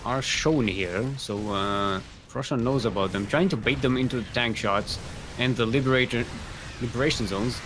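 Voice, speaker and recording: A man's voice: mid-range voice, normal speed, background noise. A man with an Australian accent giving live, joking commentary on a strategy game as a caster. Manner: joking, rambling, laughs often. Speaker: esports caster.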